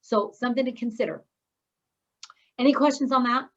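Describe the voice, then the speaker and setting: A woman's voice: a little high, normal speed. A middle-aged woman coaches a speaking course in an upbeat, encouraging voice. She talks straight to her students as she teaches. Her voice comes through a video call with slightly dull, lo-fi sound.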